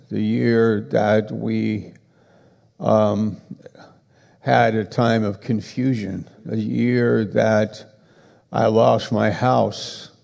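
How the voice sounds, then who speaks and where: Slow gravelly preacher man. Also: lowish voice, a little mellow, long reverb tail. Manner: halting, repeating words for emphasis. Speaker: pastor. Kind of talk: sermon.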